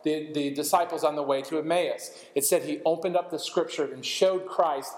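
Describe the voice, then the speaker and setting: A man's voice: on the high side, fairly even intonation, normal speed, roomy sound, big-room sound, low-quality recording. A man preaching a sermon, walking through scripture passages and adding light asides as he reads. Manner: expository, reading scripture aloud with asides. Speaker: pastor.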